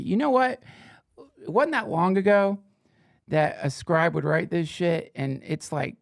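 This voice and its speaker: Profane sarcastic podcast host, gravelly. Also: male voice, fairly high pitch, no room sound, clean studio sound. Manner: profane, sarcastic asides, rambling. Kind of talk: comedic reading of fake fantasy news.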